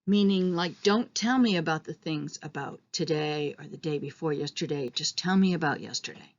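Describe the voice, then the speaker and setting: A woman teaching an English pronunciation lesson, explaining slowly and modeling example questions aloud. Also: lowish voice, muffled recording.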